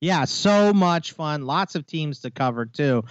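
A man's voice: on the high side, measured pace, no room sound, dull audio. A man co-hosting a podcast, telling a story in casual chat and acting out the people in it. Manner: animated storytelling with quoted voices. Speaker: podcast co-host.

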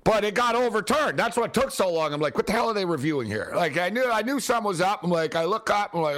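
A man hosting a late-night sports radio show, ranting and joking in an excitable, wisecracking way. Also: sits high, quick pace, few pauses, no echo, studio quality.

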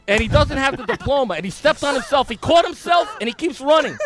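A middle-aged man telling a funny story on a talk show, his fairly high voice leaping up and down as he acts out the scene. He is animated and loud, and he throws himself into every detail. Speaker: radio show co-host.

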